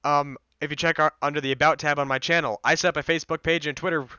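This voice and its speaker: A man's voice: fairly high pitch, fairly even intonation, fast talker, sharp tone, clean tone, no echo. A man with a slightly sore throat wrapping up a fan comic reading in a loose, rambling, casual way with some swearing. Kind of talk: casual video outro. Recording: slightly dull lo-fi mic, dry.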